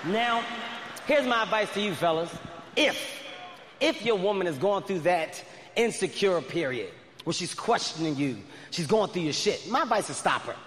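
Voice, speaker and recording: High-voiced, animated stand-up comic man. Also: moderate pace, a little hiss or hum. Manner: loud, animated, often shouting. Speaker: stand-up comedian. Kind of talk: stand-up comedy routine. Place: large venue before a live audience. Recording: long reverb of a large hall.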